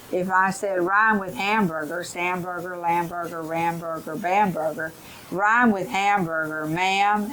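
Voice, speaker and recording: A middle-aged woman giving a teacher training lesson, explaining in a slow, careful way and modelling rhyming drills for children. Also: lowish voice, a bit bright, poor audio.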